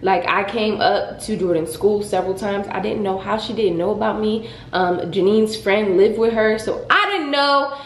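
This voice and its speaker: A young woman casually telling a dramatic story on her vlog, in a lively, expressive way. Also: medium pitch, normal speed, hardly any pauses, slight background noise. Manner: dramatic, animated retelling. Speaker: vlogger. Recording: echoey room.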